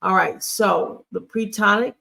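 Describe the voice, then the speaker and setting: With a medium-pitched, pushed and bright voice marked by vocal fry, this teacher works through a recorded Hebrew grammar lesson. Writing on screen, the teacher speaks haltingly and patiently and frequently checks in with the class.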